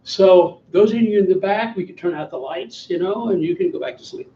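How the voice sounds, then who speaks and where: A man's voice: sits high, a little fast, dark tone, slight background noise. Older man giving a wry banquet talk. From Southern US (Alabama). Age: 70s. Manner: wry, self-deprecating humor. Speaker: guest speaker. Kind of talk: after-dinner talk with slides. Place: banquet hall. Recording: distant, echoey hall, muffled sound.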